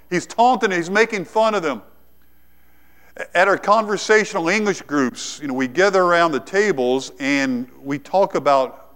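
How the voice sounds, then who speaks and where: A man preaching a sermon, telling the story dramatically and swinging from lively to hushed. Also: fairly high pitch. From United States.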